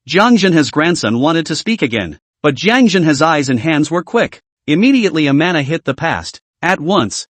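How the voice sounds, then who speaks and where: Lively male story narrator. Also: a little high, no room sound. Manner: dramatic storytelling. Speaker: recap narrator.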